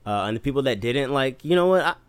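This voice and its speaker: A man's voice: mid-range voice, lively intonation, fast talker, clean tone. A man in his twenties co-hosting a podcast, chatting casually with dry, sarcastic jokes. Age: 20s. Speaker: podcast co-host. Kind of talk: casual chat.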